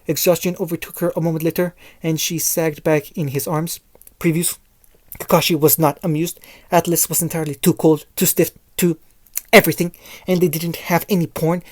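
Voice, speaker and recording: A narrator reads a fan fiction story aloud in a flat, narrow voice and keeps stumbling and restarting phrases. The sound is close and completely dry, with no room at all. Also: medium pitch, moderate pace, no room sound.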